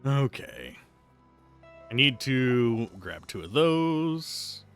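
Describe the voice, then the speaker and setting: A man's voice: mid-range voice, very animated, extremely slow, fairly bright tone, soft background music. A man streaming gameplay live, chatting in a rambling, self-deprecating way while answering chat. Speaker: streamer playing a game live.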